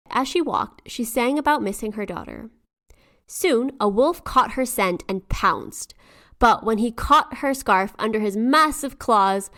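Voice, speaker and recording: Chatty woman podcast co-host. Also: fairly high pitch. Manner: chatty, animated retelling with quoted asides. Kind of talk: casual storytelling chat.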